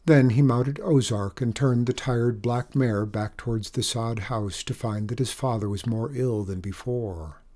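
A man's voice: mid-range voice, a little slow, few pauses, warm tone. Man narrating an audiobook.

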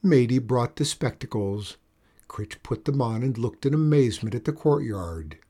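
A man reading a children's story aloud in an expressive storytelling manner. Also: medium pitch, normal speed, husky.

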